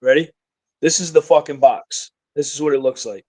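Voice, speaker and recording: A man with a Massachusetts accent chats casually as a rapper guest, joking and laid-back. His voice sits a little high for a man, and he rambles a bit, dropping asides and deadpan gags. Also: moderate pace. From Massachusetts, USA. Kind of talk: casual interview chat.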